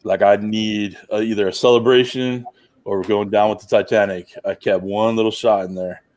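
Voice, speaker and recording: Male guest, relaxed low-voiced casual talker on a livestream call. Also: normal speed. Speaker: guest on livestream, mortgage company worker. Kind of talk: casual chat.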